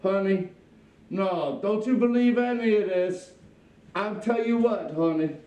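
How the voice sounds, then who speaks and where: A man's voice: high-pitched, measured pace, dark tone, far from the mic, dull audio. Rambling comic man in a roomy space. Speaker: comic storyteller. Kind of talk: comedic monologue. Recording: roomy sound from off mic.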